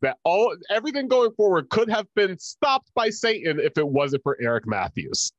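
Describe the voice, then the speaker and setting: A man's voice: high-pitched, big pitch swings, moderate pace, no room sound, lo-fi sound. A young adult man co-hosting a podcast, chatting casually with blunt, opinionated jokes. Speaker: podcast co-host. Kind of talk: casual rewatch podcast chat.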